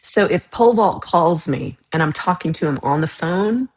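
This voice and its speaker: A woman's voice: low voice, expressive, normal speed, few pauses. A woman from Texas hosting a casual livestream, chatting with viewers in a chatty, teasing way with playful outrage. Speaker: livestream host.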